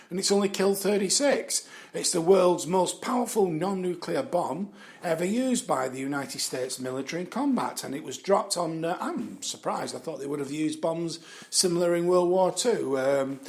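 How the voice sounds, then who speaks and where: A man with a gravelly, creaky voice, pitched a little above the usual male range, riffing through a casual commentary. He swears without pause, laughs at his own asides and loses his thread in a string of ums. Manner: swears freely, chuckles, trails off with fillers. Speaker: vlogger.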